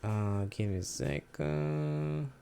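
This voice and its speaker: Slow, hesitant man teaching beginner Spanish. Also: lowish voice, sing-song, creaky, mellow, a little hiss or hum. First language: not Spanish. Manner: hesitant, repeats phrases, self-correcting. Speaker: language video host. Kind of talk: casual screen-share lesson.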